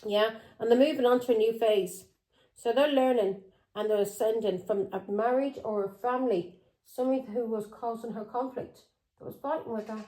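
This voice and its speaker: Accusing woman tarot reader, warm voice. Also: fairly high pitch, moderate pace, low-quality recording. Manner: accusing, confrontational, keeps asking "Yeah?". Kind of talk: tarot reading monologue.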